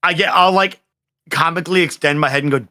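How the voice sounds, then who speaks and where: Playful guy at a tabletop game, bright tense voice, a bit high. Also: fast. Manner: playful, joking. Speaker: player. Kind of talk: casual tabletop role-play.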